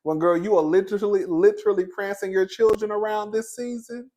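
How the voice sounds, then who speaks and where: A man's voice: sits high, fairly even intonation, fairly quick, warm tone. Sassy, chatty man reviewing reality TV. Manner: sassy, chatty, laughs often, calls viewers "girl" and "baby". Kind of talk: casual commentary.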